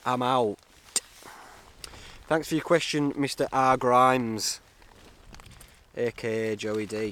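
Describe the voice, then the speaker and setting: A man's voice: mid-range voice, normal speed, pauses often, a bit bright. A young man, rambling jokily through a solo podcast from inside a tent, talking into a camera-mounted mic. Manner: jokey, chatty, self-mocking. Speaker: podcast host.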